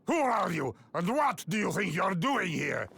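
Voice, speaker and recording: A blustering, indignant officer. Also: male voice, high voice, big pitch swings, measured pace, creaky, a bit bright, a little hiss or hum, exaggerated voice. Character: indignant stern male officer. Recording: game audio with music behind.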